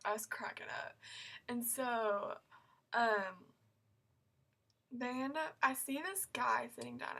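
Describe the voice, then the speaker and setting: A woman's voice: fairly high pitch, creaky, a bit bright. A teenage girl telling a story in a vlog, gushing and rambling with many fillers and squealing when she quotes herself. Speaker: vlogger.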